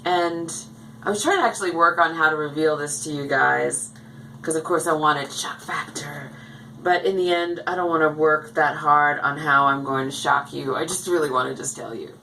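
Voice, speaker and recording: A woman's voice: deep voice, fairly even intonation, moderate pace, vocal fry, pushed and bright, slight background noise, low-quality recording. A woman chatting casually to the camera in a rambling way as she shows her dolls at home. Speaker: doll collector vlogger. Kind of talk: casual chat. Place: home, indoors.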